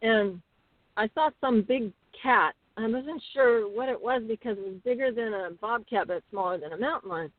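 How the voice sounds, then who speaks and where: A woman's voice: on the high side, normal speed, dry recording. Middle-aged woman rambling thru a story, lots of um's, tinny phone-ish sound, dry. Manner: chatty, animated storyteller with many fillers. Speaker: guest. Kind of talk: casual interview storytelling. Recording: tinny phone-like call audio.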